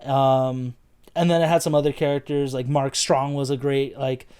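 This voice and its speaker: A man's voice: medium pitch, flat delivery, normal speed, a little mellow, smooth. An American man co-hosting a casual film review, rambling loosely with fillers and the odd swear. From United States. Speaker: podcast co-host.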